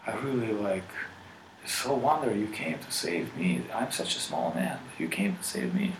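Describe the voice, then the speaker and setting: A man voicing a humble, devoted young boy in a retold scripture story, meek and pleading in his own gravelly voice. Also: fairly low pitch, big pitch swings, moderate pace, pitched below the performer's own voice. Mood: reverent. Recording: roomy with faint noise.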